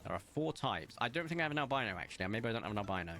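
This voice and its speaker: A young man races through his words while streaming a game from home, his medium-pitched, fairly bright voice very animated. He chats to his viewers and jokes at his own expense in a room with the window open, faint music in the background.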